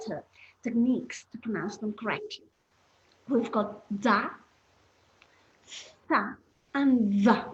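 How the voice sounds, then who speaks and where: Woman, higher voice, encouraging webinar teacher, muffled lo-fi audio. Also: a little hiss or hum. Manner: encouraging, explains patiently, addresses the chat. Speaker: English pronunciation teacher. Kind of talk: online webinar lesson.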